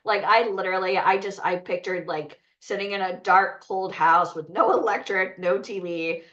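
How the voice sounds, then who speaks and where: A woman hosting a talent event, telling a lively personal story to an audience, cursing freely and asking them questions. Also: mid-range voice, normal speed. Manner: animated, swearing, asks the audience questions. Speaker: event host and talent coach. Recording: dull, lo-fi sound.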